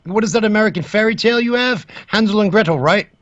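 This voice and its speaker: A man's voice: high-pitched, fast talker, a bit bright, dull audio. A man with an English accent co-hosting a comedic webcam stream, bantering in a dry, mock-formal way. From England. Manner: mock-formal, dry banter, keeps addressing his co-host by name. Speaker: co-host of a webcam stream show. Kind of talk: casual comedic stream chat. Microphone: webcam microphone.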